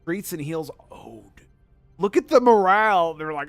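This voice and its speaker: An excitable man streaming a game, swearing freely and gushing over every detail as he plays. His voice sits a little high for a man and swings widely up and down, with faint game music underneath. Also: normal speed, no echo. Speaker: gaming streamer. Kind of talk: let's play commentary.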